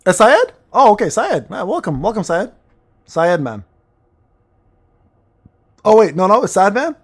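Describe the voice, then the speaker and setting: A man talks through a game on a livestream, teasing his chat with crude jokes and rambling asides. His voice sits high and swings widely up and down, full of playful bounce. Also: very animated, measured pace. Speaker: gaming streamer reading chat. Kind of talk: casual livestream chatter while playing.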